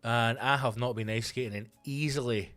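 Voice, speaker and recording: A Scottish man in his thirties, a comedian hosting his own show, telling stories in a loose, swearing, animated way. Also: medium pitch, normal speed. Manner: swearing, animated storytelling with voiced asides. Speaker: comedian podcast host. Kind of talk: casual comic monologue.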